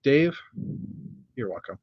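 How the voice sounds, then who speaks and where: A middle-aged man from North America hosting a casual chat, rambling through a list with many pauses and restarts. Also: medium pitch, sing-song, breathy edge, dry recording, highs cut off. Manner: rambling, lots of uh and restarts, shows builds one by one. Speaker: podcast host.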